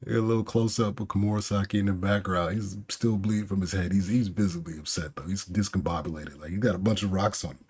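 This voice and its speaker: A man's voice: deep voice, fast talker, few pauses, a little mellow, slightly rough. A man hosting a casual reaction channel, reading aloud and commenting in a chatty way. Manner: chatty, laughs often, restarts words. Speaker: manga reaction channel host.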